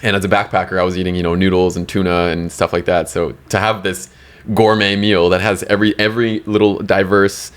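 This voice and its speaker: Man from canada, very low voice, rambling casual storytelling, full of fillers. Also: flat delivery, brisk, clean tone. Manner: rambling, many fillers and restarts. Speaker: podcast guest.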